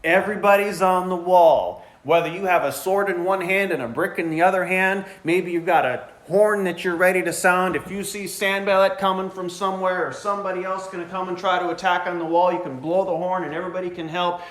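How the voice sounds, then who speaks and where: Man, pastor, sermon, conversational, animated, slightly higher voice. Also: a little fast, few pauses. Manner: animated, acts out complaining voices; casual, conversational preaching.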